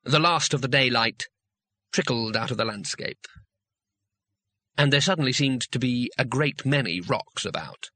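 A man's voice: mid-range voice, animated, moderate pace, long pauses, sharp tone, no room sound. A man narrating a fantasy novel in a dry, wry storytelling manner. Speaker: audiobook narrator. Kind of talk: scripted narration.

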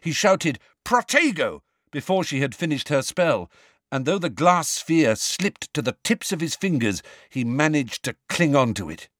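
A man reading a fantasy novel aloud as narrator, measured and dramatic. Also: on the high side, expressive, no room sound, clean studio sound. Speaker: audiobook narrator. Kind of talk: scripted narration.

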